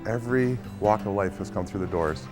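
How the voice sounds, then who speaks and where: A man's voice: fairly low pitch, brisk, over music. A man from a local tavern talking enthusiastically about the place in an interview. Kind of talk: casual interview.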